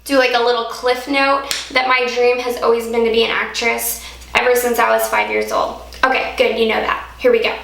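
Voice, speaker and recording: Brief: young woman vlogger from Alaska, slightly high and gravelly, chatty story-time, echoey room. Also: a bit bright. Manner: chatty, heavy use of "like". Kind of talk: casual story-time monologue.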